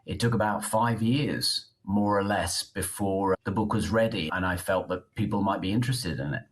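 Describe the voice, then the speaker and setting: A middle-aged British man, a journalist and author, chatting on a video call interview and telling his story in a lively way. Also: on the low side, moderate pace. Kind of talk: interview conversation.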